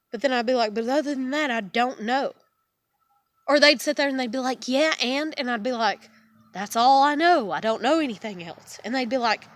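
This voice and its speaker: A woman in her thirties talks to her viewers in a high voice, venting her stress with plenty of swearing. She sounds exasperated and worn out, sighing as she goes. The sound is dry and close, with no room around it. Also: fairly bright tone, no room sound. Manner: swearing, exasperated, trailing off into weary sighs. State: upset and stressed. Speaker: vlogger. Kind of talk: frustrated personal vent to camera.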